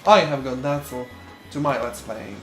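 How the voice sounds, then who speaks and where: A man's voice: mid-range voice, moderate pace, a bit bright, roomy sound, faint music behind. A man co-hosting a casual gaming session, making short, blunt remarks. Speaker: let's play co-host.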